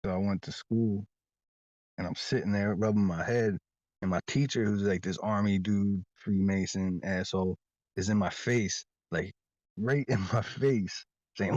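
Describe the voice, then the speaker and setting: A man's voice: on the low side, fairly even intonation, measured pace, a little mellow, no room sound, muffled recording. A man talking casually as an interview guest, rambling and insistent, often repeating his words as he tells a long story.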